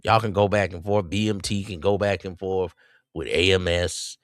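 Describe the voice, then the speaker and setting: A man hosting a podcast, giving preachy, mocking commentary and jumping up in pitch to taunt. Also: steady tone, moderate pace, no echo, studio quality. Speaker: podcast host. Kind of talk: reacting to clips with commentary.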